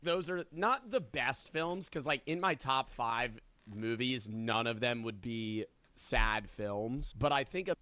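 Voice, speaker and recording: A man's voice: mid-range voice, expressive, slow, bright, forceful tone, clear, resonant tone. A man giving earnest, reflective commentary in a video being played back. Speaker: video creator. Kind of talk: casual commentary.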